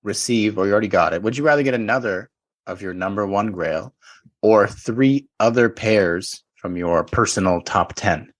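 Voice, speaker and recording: A man's voice: fairly low pitch, moderate pace. A young Canadian man hosting a podcast, reading quiz questions and teasing his guest in a playful, casual way. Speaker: podcast host.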